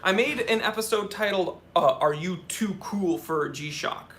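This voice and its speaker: A young man with a bright, forceful voice, pitched a little high, hosting a live Q&A stream. He reads viewer comments and answers them in a chatty, off-the-cuff way. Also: measured pace. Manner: chatty, answers questions off the cuff, talks to his cats. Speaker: watch channel host.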